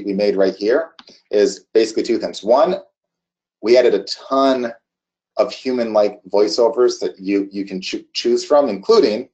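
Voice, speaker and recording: A man casually walking through a software demo on screen, halting often with restarts and fillers. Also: lowish voice. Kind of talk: casual screen-share walkthrough.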